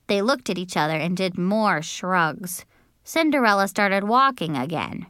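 A woman reading a children's book aloud as a childlike, expressive first-person narrator. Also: medium pitch, measured pace, clear, resonant tone, dry recording, studio quality. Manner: bouncy, childlike and expressive, with shrieks. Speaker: audiobook narrator.

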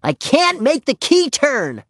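A man's voice: very high voice, huge pitch swings, slow pace, a bit bright, dry recording, pitched above the performer's own voice, full character voice. A small, demanding little girl from a storybook, as a male narrator puts her on. Her voice sits far above the narrator's and bounces with eager insistence, recorded dry and close. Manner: pleading, bossy.

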